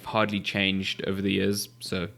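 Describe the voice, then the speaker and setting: A young man co-hosting a casual gaming podcast, relaxed, with dry jokes and casual swearing. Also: sits low, measured pace, gravelly. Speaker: podcast co-host. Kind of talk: casual chat.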